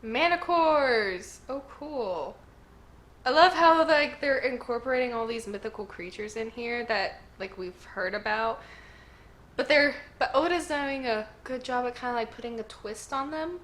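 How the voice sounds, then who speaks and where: Woman host, read-along reactions, chatty and excitable, bright higher voice, unhurried delivery. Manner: chatty and excitable, lots of "like" and "y'all".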